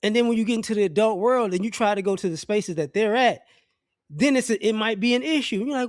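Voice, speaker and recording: A man's voice: high-pitched, fast talker, no echo, studio quality. A middle-aged man giving a blunt, profane, rambling opinion rant as a vlogger, often restarting his sentences. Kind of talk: casual opinion rant to camera.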